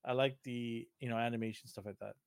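Male podcast co-host, mid-pitched, opinionated casual talk, dry close sound. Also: fairly even intonation, fast, smooth, dry recording. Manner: opinionated, argues his point. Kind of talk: casual chat.

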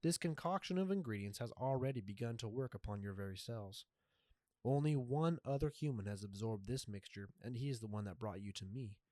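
A man voicing a calm, cryptic male jaguar spirit who speaks slowly and softly in a storybook reading. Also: fairly low pitch, no room sound, clean studio sound, natural voice. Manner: slow, deliberate and soft-spoken.

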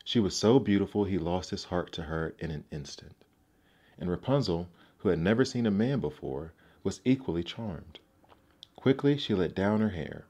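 A man narrating fairy tales aloud in a measured, gentle manner. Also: deep voice, lively intonation, breathy edge. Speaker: storyteller. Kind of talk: storybook narration.

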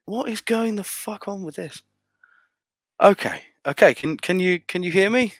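A man's voice: sits high, expressive, normal speed, no echo, clean studio sound. A man co-hosting a casual chat over a laptop video call, swearing freely and telling stories with animation. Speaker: podcast co-host.

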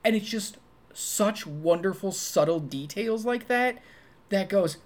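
A man co-hosting a casual movie review chat, talking animatedly and acting out quoted lines in a high voice. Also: expressive, slow. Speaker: podcast co-host.

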